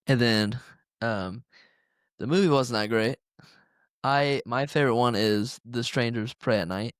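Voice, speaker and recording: A man's voice: medium pitch, measured pace, no room sound, studio quality. A young man co-hosting a podcast, telling a story in a rambling, casual way full of fillers. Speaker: podcast co-host. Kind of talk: casual chat.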